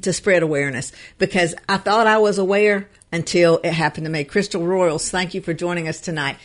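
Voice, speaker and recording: A woman's voice: lowish voice, fairly quick. Earnest woman co-host. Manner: earnest, with many fillers and restarts. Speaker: show co-host. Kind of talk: casual live show talk.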